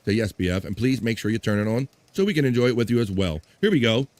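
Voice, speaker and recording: A man's voice: medium pitch, lively intonation, fast talker, darkish tone. A man hosting a casual live stream, chatting, laughing often and reading viewers' comments aloud.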